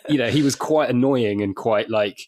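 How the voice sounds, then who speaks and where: A man, a stand-up comedian, chatting as a guest and telling lively anecdotes with frequent laughs. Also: mid-range voice, normal speed. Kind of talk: casual chat.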